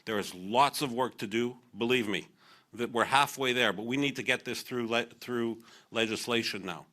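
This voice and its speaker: A man's voice: medium pitch, moderate pace, bright, forceful tone. A man, a government minister, finishing a speech in a firm and reassuring way. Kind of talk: closing remarks of a speech.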